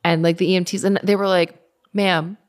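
A woman in her thirties telling a personal story in a casual interview, animated and full of fillers. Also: fairly low pitch, brisk. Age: 30s. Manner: animated retelling with many fillers, voicing others. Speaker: guest.

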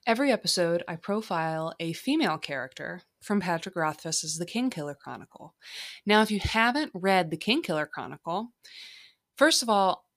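A woman's voice: on the low side, lively intonation, normal speed, a bit bright. A young woman hosting her own podcast, chatting casually and poking fun at herself, leaves her slips in, a little tipsy. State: slightly tipsy. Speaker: podcast host. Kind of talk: casual solo podcast monologue.

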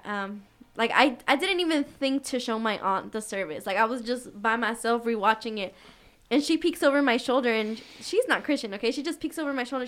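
A woman's voice: on the high side, fairly bright tone. A woman talking casually and earnestly about faith, with many fillers. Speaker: co-host of a faith talk.

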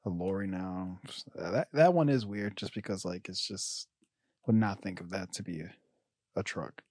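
A man's voice: low-pitched, moderate pace, a little mellow, no echo, studio quality. A young man in casual chat, easygoing and slangy, who laughs often.

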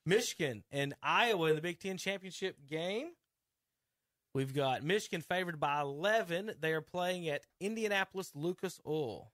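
A man's voice: on the high side, normal speed, a bit bright, no echo, studio quality. A man hosting a casual sports talk radio show, easygoing and running through the picks. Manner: easygoing, runs the picks, laughs often.

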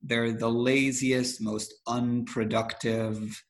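A man's voice: mid-range voice, level tone, takes it slowly, poor audio. A man chatting casually, rambling with lots of fillers and restarts, telling stories of growing up in the Gulf. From grew up in the Gulf states. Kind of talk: casual chat.

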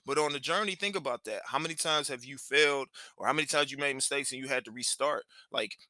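Earnest man with a bright, close voice. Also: mid-range voice, fast, dry recording. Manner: rambling, earnest, with many restarts and asides. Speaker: podcast host. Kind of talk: reflective storytelling monologue.

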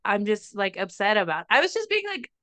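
A young woman on a podcast tells a story in casual chat, stringing it along with lots of "like" and acting out every quote. Her voice is bright and smooth, sitting a little high. The recording is dry and close. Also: a little fast, dry recording. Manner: animated storytelling, acts out quotes, frequent "like". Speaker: podcast co-host.

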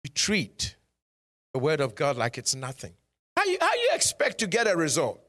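A male pastor preaching a sermon. He acts out short bits of dialogue and builds up to loud, emphatic calls to his congregation. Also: fairly high pitch, normal speed. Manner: lively preaching that acts out dialogue in changing voices; rises to loud emphatic exhortation.

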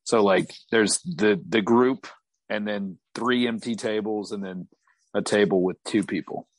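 A man narrating a tabletop game as game master, describing scenes in a relaxed way full of fillers. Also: fairly low pitch, unhurried.

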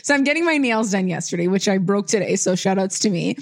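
A woman's voice: medium pitch, animated, fast, no room sound. A young woman co-hosting a casual podcast chat, telling rambling stories and laughing often. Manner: giggly, rambling storyteller. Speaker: podcast co-host.

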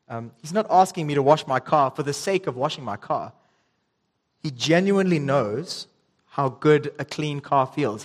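A young man preaching a sermon, reading scripture and telling a casual story with ums and restarts. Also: fairly high pitch. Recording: long reverb in a hall.

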